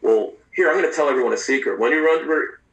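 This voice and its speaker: A man recounting his own past in an interview, speaking candidly and haltingly, with frequent profanity and restarts. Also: fairly high pitch. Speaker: interview guest. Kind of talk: personal storytelling in a podcast interview. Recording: roomy, distant mic.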